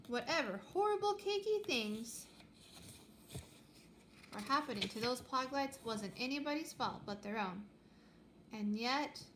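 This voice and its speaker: A woman reading a children's space adventure aloud with lively, expressive storytelling. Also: fairly high pitch, a little hiss or hum. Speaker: reader.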